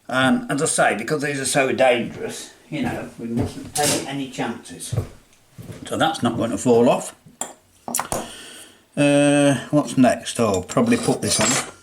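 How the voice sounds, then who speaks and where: An older English man talks through a workshop demonstration at an unhurried, slow pace, his voice sitting at an ordinary middle pitch. He chats as he works, talking himself through each step, with faint clinks of metal tools in the background. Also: background noise. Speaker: hobbyist restorer. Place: home workshop.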